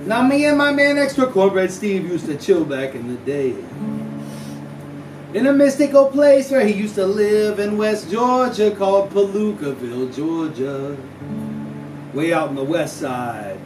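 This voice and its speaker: This musician spins an exaggerated, slangy comic tale at a small house show, drawling his way through it. His voice sits high, with lively intonation and a slightly slow pace. The room echoes, and a far-off mic catches live guitar music.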